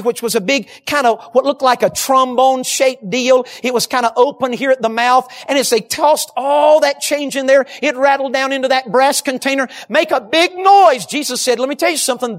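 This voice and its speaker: A man preaching a sermon, emphatic, swinging from loud shouted peaks to low hushed line endings.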